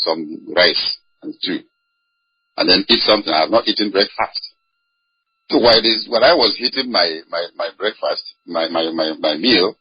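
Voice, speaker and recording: A man's voice: low-pitched, slightly rough, dry recording. A man, a Catholic priest, recounting a phone call in a spoken personal account, full of restarts and quoted dialogue.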